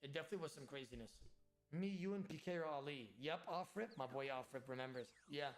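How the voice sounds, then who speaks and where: A man chatting casually to his livestream chat while gaming, animated and swearing freely. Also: fairly high pitch, fast, a little hiss or hum. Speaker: game streamer.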